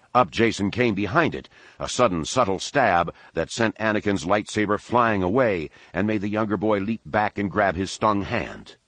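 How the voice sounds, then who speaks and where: A man narrating an audiobook in a steady, unhurried storytelling manner. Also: on the low side, no echo. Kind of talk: scripted narration.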